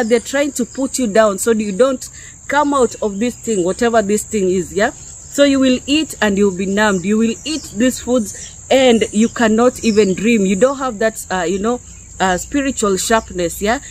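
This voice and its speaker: A woman's voice: a little high, low-quality recording. Woman from Kenya, online preacher, unscripted and chatty, keeps asking "okay?". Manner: conversational, peppered with "yeah?" and "okay?". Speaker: YouTube preacher. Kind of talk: unscripted spiritual teaching to viewers.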